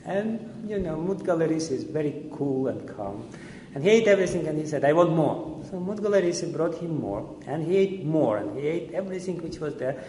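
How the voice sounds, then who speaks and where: A man's voice: on the high side, lively intonation, fairly quick, mellow, slight background noise. A man teaching a seminar, telling a story in a conversational, often chuckling way. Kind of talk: storytelling lecture. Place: lecture hall. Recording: echoey hall.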